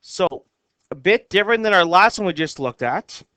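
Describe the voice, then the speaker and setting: A man teaching a lesson, slowly counting the syllables of short poems and reading their lines aloud word by word. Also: sits high, lively intonation, pushed and bright, no echo. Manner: slow and careful, reads lines out word by word. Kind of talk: explaining haiku syllable counts.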